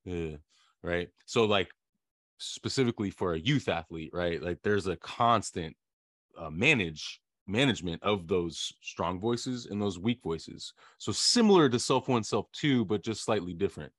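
A male interview host with a lowish voice, recorded dry and close with no room sound. He thinks aloud and hesitates with fillers as he frames his questions, reflective rather than brisk. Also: fairly bright tone, dry recording. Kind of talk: conversational interview.

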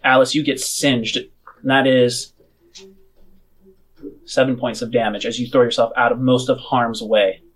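A man narrating as game master of a tabletop game, describing scenes in an unhurried, casual way. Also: medium pitch, level tone, fairly bright tone, low-quality recording.

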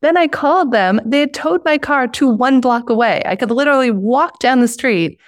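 A woman hosting a conversational interview, telling a quick anecdote in an upbeat way. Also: high voice, lively intonation, no echo, clean studio sound. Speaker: host.

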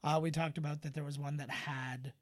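Man from Canada, podcast co-host, casual chat, animated, fairly high voice. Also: fairly quick, dry recording, studio quality. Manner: animated, laughing, slips into mock accents.

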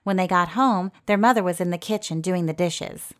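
A woman narrating a fairy tale in a gentle storytelling manner. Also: on the low side, normal speed.

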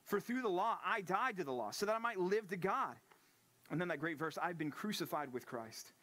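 A male pastor, preaching a sermon and acting out the lines of biblical figures with lively energy. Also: sits high, fairly quick. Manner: animated, acts out quotes of the disciples and Paul.

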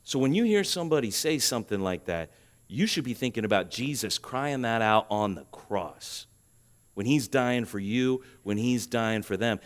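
A man preaching a sermon, his voice swelling loud and high at emphatic points and then dropping to a quiet, urging tone. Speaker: pastor.

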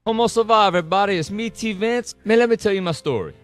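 A man voicing a broke Cajun man with an animated drawl, pitching a silly invention in a parody dub. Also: fast, faint music behind. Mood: hustling.

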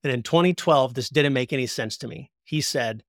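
A man's voice: mid-range voice, no room sound. Man, 40s, podcast guest; heartfelt testimony, dry close mic. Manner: heartfelt, preacherly, slows for emphasis. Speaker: podcast guest, prison minister. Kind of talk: earnest testimony.

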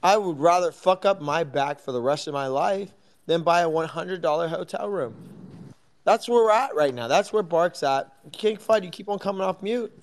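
Young male live-room host, slightly high voice, profane and rambling, teasing. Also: normal speed. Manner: profane, teasing, laughing fits. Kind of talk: rambling casual live chat.

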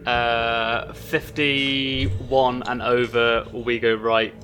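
Slow, bright-voiced man playing a tabletop game. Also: mid-range voice, flat delivery, a little hiss or hum. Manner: slow, deliberate, describing his character's actions. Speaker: player. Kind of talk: casual tabletop play.

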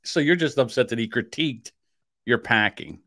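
A man's voice: medium pitch, normal speed, a bit bright, no echo, clean studio sound. A man co-hosting a podcast, teasing his partner with sarcastic jokes in casual chat. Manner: teasing, sarcastic, laughs often. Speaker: podcast co-host.

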